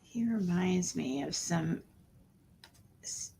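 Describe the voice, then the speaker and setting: A woman's voice: fairly low pitch, animated, takes it slowly, gravelly, mellow, slight background noise. A woman hosting a casual livestream, greeting viewers and talking in a rambling way, often trailing off and restarting her sentences. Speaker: livestream host.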